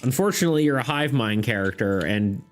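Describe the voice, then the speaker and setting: A man's voice: medium pitch, expressive, fast, soft background music. A man running a tabletop game on stream, describing scenes in a loose, rambling way and laughing often. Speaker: game master.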